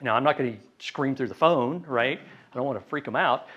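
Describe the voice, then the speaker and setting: A man giving a live sales training talk to a room, lively and conversational, acting out phone calls in quick voices. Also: mid-range voice. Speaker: real estate sales trainer. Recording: dull lo-fi sound.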